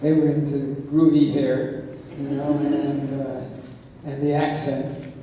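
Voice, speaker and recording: A man's voice: mid-range voice, level tone, takes it slowly, dark tone, a little hiss or hum. A man in his eighties, an actor answering fan questions at a convention panel, telling wry stories with many restarts. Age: 80s. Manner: rambling, self-correcting, wry. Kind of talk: convention Q&A storytelling. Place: large convention hall. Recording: echoey convention hall, far from mic.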